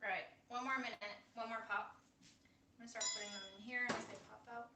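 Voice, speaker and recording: A woman's voice: a little high, fairly even intonation, fast talker, noisy background. A woman hosting a casual cooking livestream from a small home kitchen, blunt and playful as she talks.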